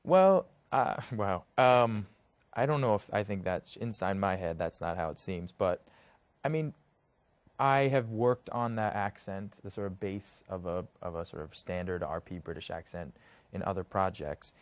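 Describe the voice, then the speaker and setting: A man's voice: low-pitched, normal speed, no room sound. An American actor being interviewed, talking in a thoughtful way and hunting for his words with many fillers. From United States. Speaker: actor guest. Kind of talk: casual interview chat.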